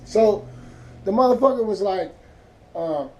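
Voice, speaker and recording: A man's voice: high-pitched, animated, unhurried, darkish tone, dull audio. A man hosting his own vlog, telling a rambling, profane story in a laid-back way. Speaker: vlog host.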